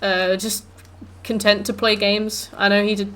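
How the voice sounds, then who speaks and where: A woman's voice: medium pitch, flat delivery, unhurried, a bit bright. A woman in her twenties, a streamer chatting casually with viewers while gaming, rambling with lots of fillers.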